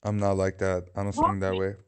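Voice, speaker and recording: A man's voice: sits low, monotone, fairly quick, darkish tone, clear, resonant tone. A man hosting a livestream, talking casually and joking, swearing freely. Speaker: livestream host. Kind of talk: casual live commentary.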